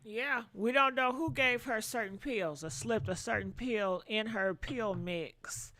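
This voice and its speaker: Blunt, bright-voiced woman hosting a call-in. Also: fairly high pitch, a little slow. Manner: blunt, casual and chatty. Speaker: call-in show host. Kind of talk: live call-in gossip talk.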